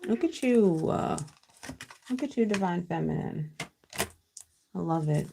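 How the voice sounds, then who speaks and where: Woman tarot reader on a home livestream: low, gravelly voice, loose and chatty, keeps asking "okay?". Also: lively intonation, measured pace, background noise. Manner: chatty, frequent "okay?" checks with viewers, casual cussing. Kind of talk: casual live tarot reading. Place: at home with her child nearby. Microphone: computer.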